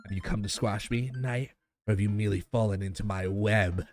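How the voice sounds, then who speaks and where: A man voicing a gentle, playful young dad who hams it up as a mock villain in a game. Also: on the low side, fairly quick, soft background music, natural voice. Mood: mock menace.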